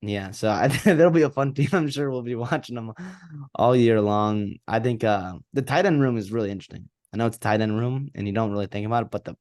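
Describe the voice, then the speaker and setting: A man's voice: fairly low pitch, a little fast, darkish tone, dry recording, clean studio sound. A man co-hosting a sports podcast, talking casually and rambling with many restarts and fillers. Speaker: podcast co-host.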